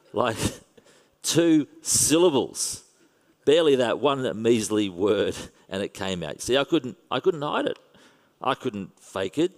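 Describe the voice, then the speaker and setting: A man with an Australian accent preaching a sermon in a relaxed, conversational way with wry humour. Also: medium pitch, measured pace, long reverb tail. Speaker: pastor.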